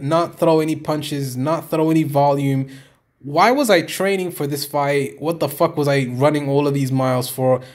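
A fairly high-voiced man in a heated rant, swearing often and circling back to the same complaints. He sounds fed up and keeps hammering his points. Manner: exasperated, swearing, repetitive. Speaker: fight reviewer. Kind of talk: profane rant review.

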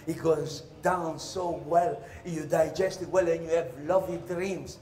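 A man's voice: on the high side, steady tone, measured pace, mellow, reverberant, lightly acted. A man voicing a sly male tribal magician who talks coaxingly and matter-of-factly about eating people.

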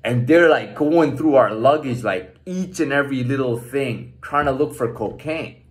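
A man's voice: mid-range voice, normal speed. A man in his thirties casually telling a story from his own life, loose and profane, with lots of "like" and "man" fillers. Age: 30s. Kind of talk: casual personal storytelling monologue.

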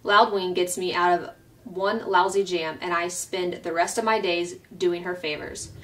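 A woman's voice: on the low side, fairly even intonation, a little slow, a bit bright, recorded from a distance. A woman voicing a stubborn male beaver who talks in a grumbling, folksy way.

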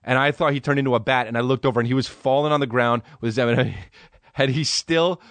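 A man's voice: mid-range voice, fairly even intonation, quick pace, fairly bright tone, no echo. A young adult man hosting a podcast, telling rambling comedic stories in a laid-back, profane way. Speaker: podcast host. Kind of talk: comedic storytelling monologue.

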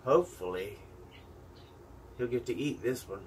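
A man giving chatty, joking live commentary as a zookeeper during a snake feeding, with sudden loud playful outbursts. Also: medium pitch, animated, measured pace, a little hiss or hum, poor audio.

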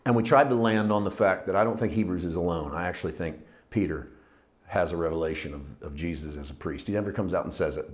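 Man preaching a lively, low-voiced sermon. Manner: swings from loud emphatic preaching to quiet, soft-spoken reflection; tongue-in-cheek asides. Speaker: pastor. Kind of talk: sermon teaching.

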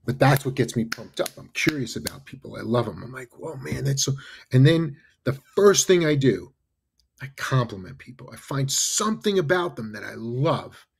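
A man in his fifties from New York, a podcast guest telling animated stories and often adding "right?" and "you know". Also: medium pitch, normal speed, gravelly, slight background noise. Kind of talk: casual storytelling interview.

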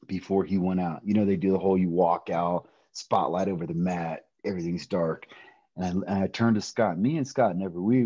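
A middle-aged man telling a personal story in a podcast interview, animated, often laughing and acting out quoted voices. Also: deep voice, breathy edge, no echo, dull audio. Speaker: interview guest, pro wrestler.

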